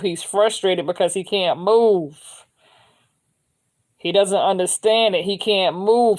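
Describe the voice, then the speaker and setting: A woman's voice: mid-range voice, steady tone, normal speed, a little mellow. A woman giving a spiritual tarot reading in a loose, conversational way, often adding "you know what I'm saying.". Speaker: tarot reader.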